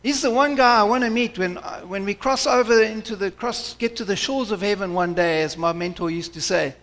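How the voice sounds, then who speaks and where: A man's voice: high-pitched, brisk, fairly bright tone. A man preaching a sermon in a passionate, conversational way, with frequent restarts. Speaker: pastor.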